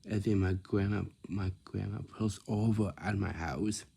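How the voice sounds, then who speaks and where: A man telling a rambling casual story, repeating himself and dropping into soft whispers. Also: fairly low pitch, steady tone, a little slow, gravelly, husky. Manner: repetitive, restarts phrases, drops into soft whispers.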